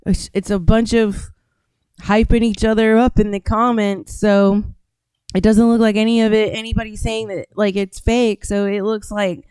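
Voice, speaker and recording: A woman's voice: mid-range voice, little pitch movement, normal speed, a little mellow, smooth, no room sound. An American woman hosting a casual live stream, rambling as she reads out viewer comments. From United States. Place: home studio.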